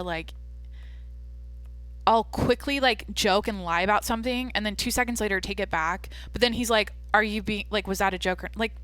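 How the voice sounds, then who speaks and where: A young woman hosting her own podcast, chatting casually in a rambling, jokey way with lots of fillers and a deadpan streak. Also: mid-range voice, no echo. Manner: self-described deadpan. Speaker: podcast host. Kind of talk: casual solo podcast chat.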